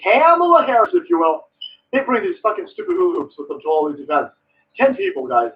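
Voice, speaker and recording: A man's voice: fairly high pitch, animated, quick pace, recorded from a distance, narrow, tinny audio. A man hosting a live stream, ranting sarcastically about politics and swearing freely. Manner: profane, sarcastic, loud.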